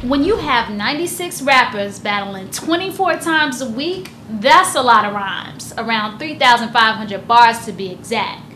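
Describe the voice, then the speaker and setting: A woman hosting a highlights show, presenting the picks in an upbeat, lively way. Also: normal speed, hardly any pauses, echoey room, a little hiss or hum. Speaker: host.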